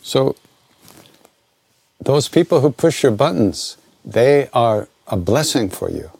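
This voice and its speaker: Older American man with a gravelly voice. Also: medium pitch, slow pace, dry recording. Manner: relaxed, conversational, self-interrupting. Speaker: spiritual teacher answering questions. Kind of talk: informal spoken Q&A teaching.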